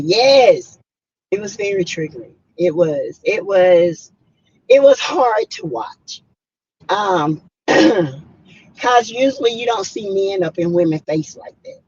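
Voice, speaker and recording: Hoarse, husky woman in her fifties hosting a chatty livestream, muffled lo-fi sound. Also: medium pitch. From South Carolina. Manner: chatty, greets viewers by name, emphatic. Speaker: livestream host. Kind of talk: casual livestream chat. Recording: muffled lo-fi audio.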